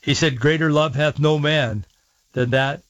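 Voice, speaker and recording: A man's voice: on the high side, unhurried, fairly bright tone, no room sound, dull audio. A male host retelling a news story in a conversational, digressive way, restarting phrases as he goes.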